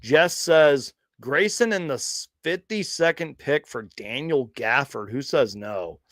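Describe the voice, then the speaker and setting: A man's voice: medium pitch, animated, a little slow, fairly bright tone, dry recording, clean studio sound. A man hosting a casual live question-and-answer stream, chatty and rambling, often restarting sentences and laughing along. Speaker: host of a fan live stream.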